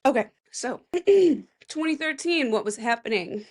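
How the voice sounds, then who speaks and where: A woman's voice: on the high side, expressive, moderate pace, a little mellow. A young woman hosting a casual solo podcast, chatty and rambling, with self-mocking asides and a voice that cracks now and then. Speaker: podcast host.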